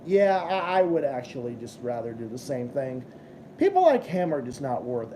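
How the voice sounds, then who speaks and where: A man's voice: medium pitch, sing-song, normal speed, dark tone, slight background noise. A young man hosting a live stream, ranting and swearing as he chats with viewers. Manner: profane, ranting, combative. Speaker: livestream host. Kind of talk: casual live-stream chat.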